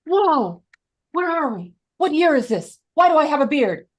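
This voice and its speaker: A woman's voice: sits high, sing-song, normal speed, full character voice. A woman playing someone panicking after being sucked into a jungle board game, exclaiming frantically. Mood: panicked.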